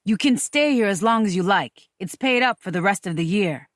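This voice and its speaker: Woman doing a smooth patronizing American man. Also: mid-range voice, lively intonation, normal speed, dry recording, clean studio sound, natural voice. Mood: placating. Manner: soothing, condescending endearments.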